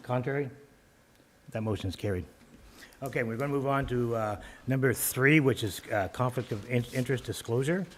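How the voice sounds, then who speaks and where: Man, meeting chair, brisk procedural, light asides, middle pitch, faint background hiss. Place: council chamber.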